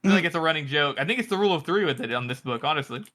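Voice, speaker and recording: Bright, high-voiced laughing man. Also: expressive, rapid-fire. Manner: laughs often, riffs with mock dialogue. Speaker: podcast co-host. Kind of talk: casual chat.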